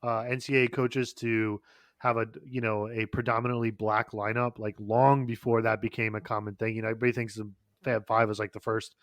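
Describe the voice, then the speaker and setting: A man's voice: on the low side, level tone, fairly quick, fairly bright tone, no echo, studio quality. A man co-hosting a podcast in casual chat, talking in long rambling runs with frequent fillers, restarts and swearing. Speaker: podcast co-host.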